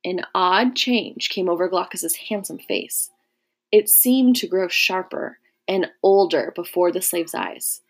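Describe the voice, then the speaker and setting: Woman narrating a novel, gravelly edge. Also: fairly low pitch, slow.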